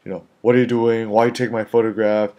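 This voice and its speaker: An irate office worker , quoted by a man, insists again and again that her photo be deleted. The voice runs somewhat high and loud. It is clearly a retelling of someone else rather than a full character voice. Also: flat delivery, fast talker, dull audio, lightly acted. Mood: indignant. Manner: insistent, repeating demands. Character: angry businesswoman demanding photo deletion.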